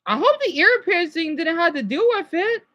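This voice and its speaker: Woman streamer, casual chat, rambling, high voice, lively pitch. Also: moderate pace, muffled recording. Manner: rambling, chatty, many restarts. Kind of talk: casual chat over clips.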